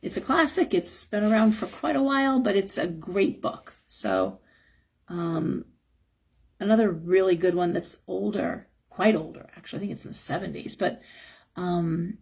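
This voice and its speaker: Chatty woman with a husky, gravelly voice. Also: big pitch swings, moderate pace, a little mellow. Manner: chatty, frank, acts out quotes with a higher voice. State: tired. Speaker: live stream host giving spiritual advice. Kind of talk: casual live-stream talk, reading chat.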